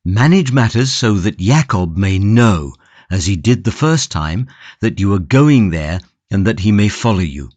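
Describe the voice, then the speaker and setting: A man's voice: lowish voice, big pitch swings, a little slow, darkish tone, dry recording. A man voicing a passionate, stoic imprisoned tulip grower in an audiobook, grave and impassioned. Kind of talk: audiobook character reading.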